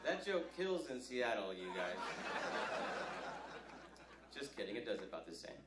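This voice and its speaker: A man's voice: medium pitch, very animated, unhurried, heavy background noise. A man from Northern California doing a rambling, self-deprecating stand-up set on a comedy club stage. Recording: live club recording, roomy with crowd.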